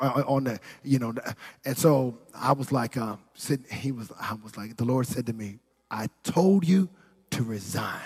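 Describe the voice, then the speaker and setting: A man's voice: mid-range voice, breathy edge, in a large hall. A man preaching a sermon, telling a personal story in a conversational way and acting out what people said. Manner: conversational storytelling with quoted voices and asides. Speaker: pastor.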